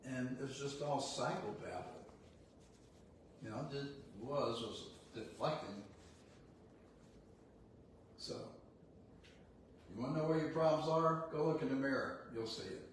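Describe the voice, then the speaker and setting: A man's voice: medium pitch, measured pace, long pauses. An older man giving a blunt, folksy motivational talk, laughing often as he tells stories. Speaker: real estate CEO giving a talk. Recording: echoey room, distant mic, faint noise.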